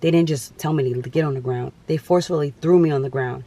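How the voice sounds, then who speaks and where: A man's voice: a little high, quick pace, mellow. A young man telling a dramatic personal story on his vlog, with emphatic repetition. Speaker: vlogger.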